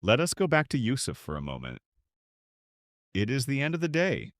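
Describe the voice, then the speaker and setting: A man teaching beginner English in a slow, clear, scripted way, pausing so listeners can repeat. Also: mid-range voice, huge pitch swings, no echo, studio quality. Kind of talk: slow scripted lesson for learners.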